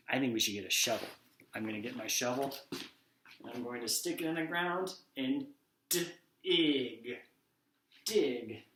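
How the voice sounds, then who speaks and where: A man with a medium-pitched, slightly bright voice teaches children phonics. He goes slowly, sounding out each letter one at a time and acting out every word.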